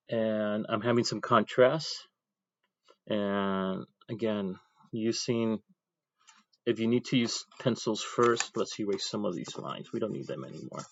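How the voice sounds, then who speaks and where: A man's voice: lowish voice, creaky, dry recording, dull audio. A man teaching an ink drawing class, talking casually as he draws and thinking aloud with chatty asides. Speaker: art teacher.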